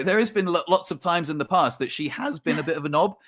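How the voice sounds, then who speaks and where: A man's voice: a little high, fast talker, a bit bright. A man, co-hosting a casual podcast chat and telling a reflective personal story. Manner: reflective storytelling, acts out his own thoughts. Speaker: podcast co-host.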